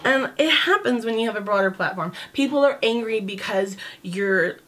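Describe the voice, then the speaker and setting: A woman's voice: fairly high pitch, lively intonation, normal speed, fairly bright tone. A woman talking candidly to camera in a casual vlog, chatty and sassy, with lots of fillers. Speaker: vlogger.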